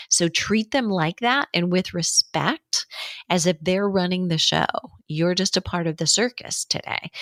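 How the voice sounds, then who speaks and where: Middle-aged lady podcaster, lowish voice, chatty and brisk, lots of asides, dry close sound. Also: no room sound. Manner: chatty, brisk, with uneven pace and frequent asides. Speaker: podcast host. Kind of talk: solo podcast coaching talk.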